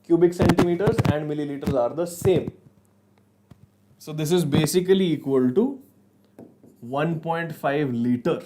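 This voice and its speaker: A man's voice: fairly high pitch, measured pace, pauses often, heavy background noise. A man with an Indian English accent teaching a chemistry class live online, casual and joking, slipping into Hindi now and then. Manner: casual, chatty, mixes in Hindi, jokes with students.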